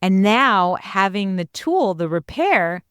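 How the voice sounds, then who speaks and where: A woman's voice: medium pitch, very animated, slow, a bit bright, smooth, no echo, studio quality. A woman co-hosting a parenting podcast, speaking in an earnest, encouraging and casual way. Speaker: podcast co-host, parenting coach. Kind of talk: casual conversational explanation.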